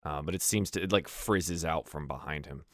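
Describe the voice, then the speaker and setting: Man running a tabletop game, low, forceful voice, casual rambling narration. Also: normal speed, no room sound, clean studio sound. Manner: casual, loose with many fillers. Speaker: game master.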